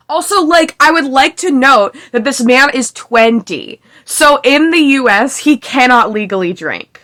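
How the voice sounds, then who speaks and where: Chatty bright-voiced young woman. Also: fairly high pitch, expressive, normal speed, few pauses. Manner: chatty, sarcastic, giggly asides. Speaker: book reviewer. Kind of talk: casual book recap with read-aloud passages.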